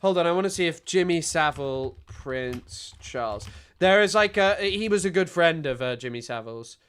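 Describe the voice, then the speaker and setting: A man's voice: on the high side, lively intonation, a little fast, a bit bright, smooth. A man commenting on a live stream, ranting and exasperated, with frequent restarts.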